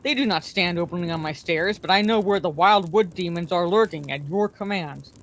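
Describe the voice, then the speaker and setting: A woman reading aloud, voicing a proud old male wizard with a shrill, cold, sneering voice. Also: brisk, lightly acted. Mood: mocking. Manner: sneering, scornful.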